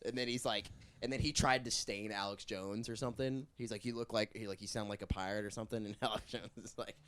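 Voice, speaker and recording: A man's voice: fairly low pitch, steady tone, a bit bright. A young man co-hosting a podcast, easygoing and agreeable in casual chat. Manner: easygoing, agreeable, quick to laugh. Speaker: podcast co-host.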